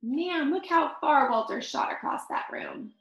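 Expressive woman reading a picture book. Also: sits high, unhurried. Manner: expressive, stops to comment on the story. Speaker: storyteller. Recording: echoey room.

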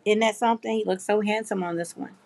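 A middle-aged craft livestream host chats casually while reading viewer comments aloud. Her medium-pitched voice is steady, quick, a little mellow, and carries vocal fry.

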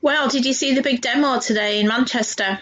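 A woman's voice: sits high, brisk, a bit bright. Chatty woman co-host, lo-fi audio. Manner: chatty, rambling, many fillers. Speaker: radio co-host. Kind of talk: casual chat interview. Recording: dull lo-fi audio.

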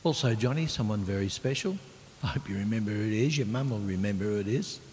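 A man's voice: lowish voice, fast, a little mellow. Cheeky Australian man announcing guests. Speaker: comedy host. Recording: echoey hall with faint hiss.

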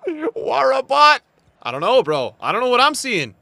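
An excitable young man streams a football game and talks to his chat the whole time. His voice is bright and sits a little high. It leaps from low muttering to loud cries. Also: dry recording. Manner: excitable, swings from mumbled asides to loud outbursts. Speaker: gaming streamer. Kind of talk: live gameplay commentary.

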